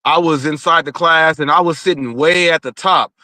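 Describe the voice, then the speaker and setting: A man's voice: fairly high pitch, normal speed, pushed and bright, dry recording. A man from Southern California joking around in a slangy, casual chat. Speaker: guest.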